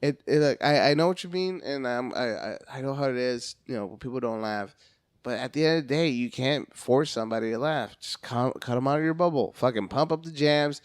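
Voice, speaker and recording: A man's voice: mid-range voice, a little fast, no room sound, clean studio sound. A man on a podcast, a comedian chatting casually, hyperactive, cursing a lot and acting out phone calls in different voices.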